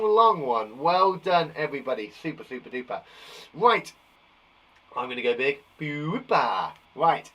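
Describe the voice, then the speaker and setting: A man teaching young children a live phonics lesson, encouraging them warmly and sounding out letters slowly. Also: a little high, low-quality recording. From England. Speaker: primary school teacher.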